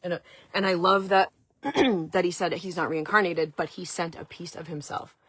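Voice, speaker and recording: A woman's voice: on the low side, fairly even intonation, normal speed, slightly rough. A woman hosting her own vlog, telling a personal story in a chatty way, full of "like" fillers. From Maine. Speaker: vlog host. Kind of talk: casual storytelling.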